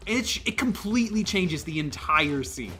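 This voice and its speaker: Lively streamer, rambling with emphasis. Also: medium pitch, moderate pace, faint music behind. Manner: rambling, with frequent fillers and emphatic restarts. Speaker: livestreamer. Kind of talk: casual commentary on a live game stream.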